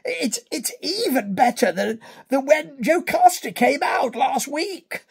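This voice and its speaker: A man's voice: extremely high pitch, sing-song, takes it slowly, creaky, pitched above the performer's own voice, exaggerated voice. A man voicing a theatrical, gushing upper-class English socialite with a posh English accent.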